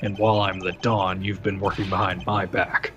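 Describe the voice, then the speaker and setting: A man's voice: sits low, flat delivery, moderate pace, muffled recording, over music, natural voice. A man reading a vengeful male mafia don with a blunt, tough-guy delivery.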